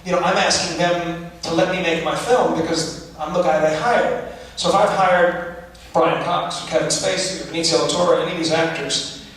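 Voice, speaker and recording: A film director answering audience questions in a chatty, laughing way at a festival Q&A. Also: male voice, a little high, fairly even intonation, normal speed, fairly bright tone. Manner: chatty, laughing asides, restarts. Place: large hall with audience. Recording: echoey hall from far off, audience noise.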